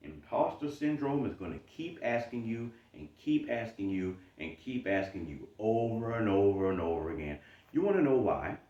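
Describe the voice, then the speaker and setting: A man gives an animated self-improvement coaching monologue at a moderate pace, explaining his points. He sometimes acts out his inner doubting voice in high, mocking tones, and the sound is dull and roomy from a distant mic.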